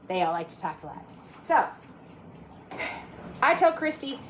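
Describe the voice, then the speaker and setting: A woman hosts a livestream from her home kitchen, ranting with a steady stream of cursing and jumping between topics as she moves around. Her voice sits fairly high, and a faint room hum runs underneath. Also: a little slow, pauses often. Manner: profane, ranting, scattered, talks to viewers. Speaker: livestream host. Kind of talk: casual livestream rant.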